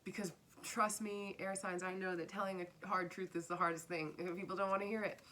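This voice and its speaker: A woman with a mid-range, pushed, bright voice gives a casual spiritual tarot reading, speaking fairly quickly in a flat delivery over slight background noise. She's earnest, repeats her phrases, and sometimes drops to a whisper.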